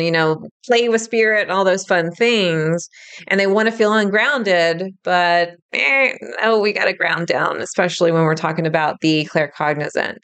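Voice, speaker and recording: Chatty woman with a smooth voice. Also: on the low side. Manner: animated and chatty, laughs easily, acts out quoted thoughts. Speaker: intuitive development teacher. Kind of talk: casual teaching monologue.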